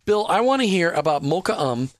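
A man's voice: high voice, very animated, dry recording, clean studio sound. Enthusiastic, stammering radio host man. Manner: enthusiastic, stumbling restarts, drawn-out speech. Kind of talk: Christian radio talk show hosting.

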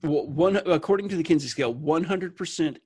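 A man in a casual group chat, ranting with lots of swearing and a lively, joking manner. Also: on the high side, a little fast, breathy edge, dry recording, studio quality. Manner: profane, animated ranting.

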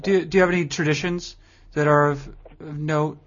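Dry, teasing podcast host, muffled. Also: male voice, on the high side, fairly even intonation, moderate pace. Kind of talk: casual podcast banter.

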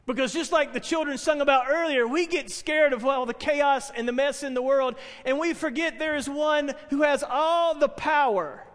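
A man's voice: extremely high pitch, normal speed, hardly any pauses, fairly bright tone, in a large hall. A man preaching a sermon, telling stories earnestly and building to emphatic proclamations. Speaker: pastor.

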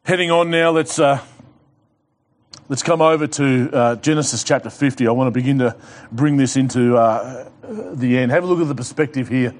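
A man's voice: mid-range voice, moderate pace. A male pastor preaching a sermon, repeating his key points, asking the congregation questions and building to urgent exhortation.

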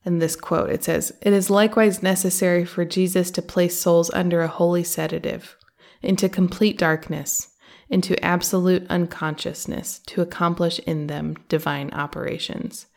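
A woman's voice: fairly low pitch, level tone, moderate pace, creaky, a little mellow. A woman hosting a faith podcast, speaking earnestly and conversationally and reading quotes from a book aloud. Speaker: podcast host. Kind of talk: reflective faith podcast talk.

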